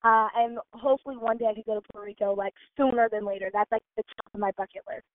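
A woman's voice: a little high, fairly even intonation, quick pace. A young woman in her twenties, a gymnast and dancer, chatting casually as an interview guest with lots of fillers. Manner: bubbly, chatty, many fillers. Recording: tinny phone-like line, dry.

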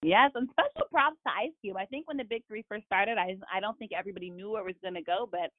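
A woman hosting a casual sports radio show, hoarse from a cold, upbeat and emphatic. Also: mid-range voice, fast talker, no echo. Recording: tinny phone-line sound, dry.

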